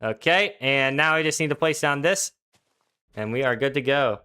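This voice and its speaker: A man's voice: mid-range voice, moderate pace, pushed and bright, smooth. A young man streaming a video game, chatting casually in a laid-back, slangy way and answering his chat as he plays. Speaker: gaming streamer. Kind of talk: casual live-stream commentary.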